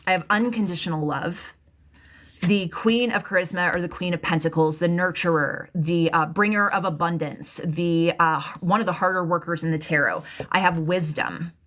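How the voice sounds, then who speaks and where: A young woman with a slightly low voice talks through a live tarot reading. She rambles in a chatty way, full of fillers and restarts, and often gets openly emotional. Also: normal speed, fairly bright tone. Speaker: tarot reader.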